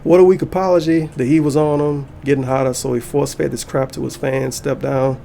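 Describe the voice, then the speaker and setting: Gravelly, heated man ranting. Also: medium pitch, flat delivery, a little fast, warm tone, a little hiss or hum. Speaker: YouTuber and streamer. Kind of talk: angry reaction commentary.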